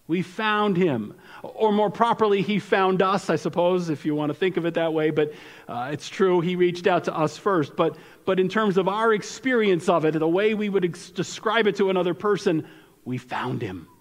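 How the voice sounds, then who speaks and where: A man preaching a sermon as pastor, speaking conversationally and repeating phrases for emphasis, with his voice dropping softly at key lines. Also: high voice, animated, moderate pace. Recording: long hall reverb.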